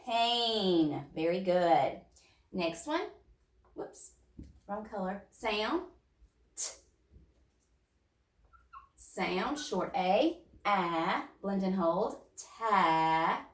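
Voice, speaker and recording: A woman's voice: medium pitch, recorded from a distance. A woman teacher leading young children through a phonics lesson, sounding out words step by step. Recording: echoey room, voice off-mic.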